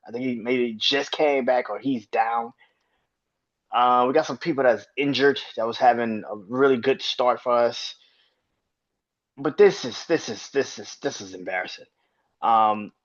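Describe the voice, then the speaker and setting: A man's voice: mid-range voice, muffled recording. A man hosting a casual sports podcast, ranting in an exasperated, profane and repetitive way. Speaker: podcast host.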